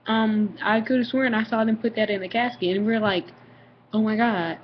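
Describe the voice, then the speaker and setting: A woman's voice: on the high side, fairly even intonation, brisk, highs cut off, slight background noise. A young woman vlogger telling a story to the camera in a casual, rambling way, full of fillers and acted-out family voices.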